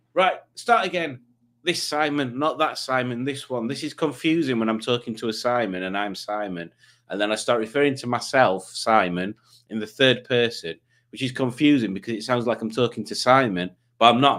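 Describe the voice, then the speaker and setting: A man's voice: mid-range voice, fairly bright tone. Chatty Yorkshire stream host, mid-range voice, loose and rambling as he reads out comments. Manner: rambling, self-deprecating, chatty. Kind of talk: casual chat reading comments.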